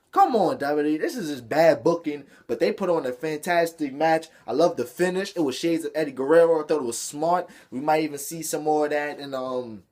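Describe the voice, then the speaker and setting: Young male vlogger, a bit high-pitched, loose, profane and excitable, rambling through a review. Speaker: wrestling show reviewer. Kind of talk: casual rant review.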